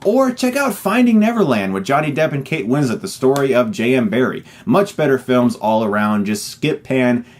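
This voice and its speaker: A man's voice: medium pitch, big pitch swings, normal speed, hardly any pauses, darkish tone. Emphatic man reviewing a film. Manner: emphatic, exasperated. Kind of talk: online movie review.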